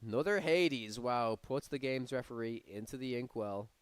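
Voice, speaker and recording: A man's voice: mid-range voice, moderate pace, smooth, no echo. A man giving live play-by-play commentary on a card game tournament, his energy rising on big plays. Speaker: tournament caster.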